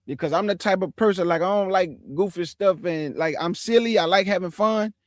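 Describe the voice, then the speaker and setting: A man in his forties hosting a livestream, talking bluntly and casually in slangy, animated speech. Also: high-pitched, brisk, dry recording, studio quality. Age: 40s. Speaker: livestream host.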